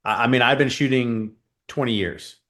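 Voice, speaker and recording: A man's voice: mid-range voice, moderate pace, a bit bright. A man speaking as a guest on a podcast, an earnest shooting coach rambling casually with many fillers. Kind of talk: casual interview chat.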